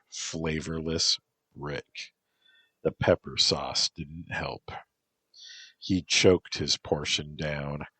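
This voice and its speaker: Deep, slow husky male narrator. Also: a bit bright, no room sound. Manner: slow, measured. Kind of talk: storybook reading.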